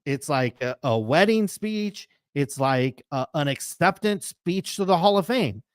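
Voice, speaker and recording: Emphatic, fairly high-voiced male talk host. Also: expressive, a little slow, dry recording, clean studio sound. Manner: emphatic, rambling, piles up comparisons and restarts. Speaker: host of a live sports card talk show. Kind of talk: casual opinionated chat.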